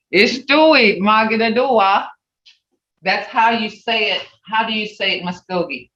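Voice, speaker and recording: Slow-spoken woman teaching a language class. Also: medium pitch, a bit bright, slight background noise. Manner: slow, repeats syllables for learners to copy. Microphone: video call. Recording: dull roomy video-call audio.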